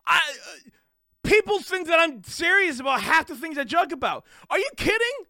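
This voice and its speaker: A man hosting a live stream, ranting loudly and profanely in an unscripted, fired-up monologue. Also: very high-pitched, big pitch swings, normal speed, dry recording, clean studio sound. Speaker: streamer and podcast host.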